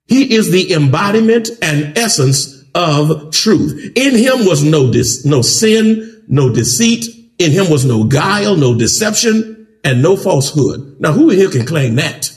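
High, lively preacher in an echoey church. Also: male voice, measured pace. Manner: preaching with humor, swings into loud high-pitched shouts. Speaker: pastor. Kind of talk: sermon.

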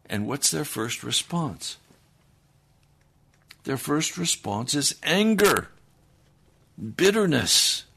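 A man preaching a sermon, swinging between loud declarations and hushed, low passages. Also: sing-song, slow pace, vocal fry, long pauses, slightly rough.

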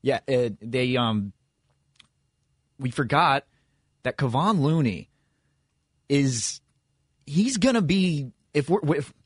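A man's voice: medium pitch, expressive, slow pace, long pauses, breathy edge, no echo, clean studio sound. A man co-hosting a sports radio show, talking loosely about basketball with frequent restarts. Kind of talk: casual sports radio chat.

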